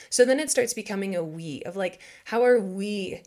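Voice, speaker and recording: Medium-pitched and somewhat dark in tone, this female podcast host speaks at a moderate pace. Her musings on spirituality are casual and reflective, loaded with "like" and "right?", and she dramatizes the inner voices she cites.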